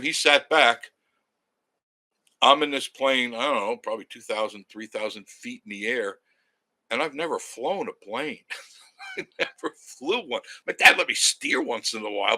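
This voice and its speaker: A man in his sixties from Long Island talks straight to his viewers in a loose, rambling way, chuckling now and then as the story unfolds. His voice is bright and forward, and his pitch sits right in the middle for a man. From Long Island, New York. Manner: rambling, anecdotal, chuckles as he tells it. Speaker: travel channel host. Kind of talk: casual storytelling monologue.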